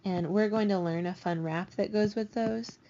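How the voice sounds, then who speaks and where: A woman teaching a recorded language lesson, patiently explaining and slowing down to spell out each example. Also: medium pitch, mellow, slight background noise. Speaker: Spanish teacher. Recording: dull lo-fi recording.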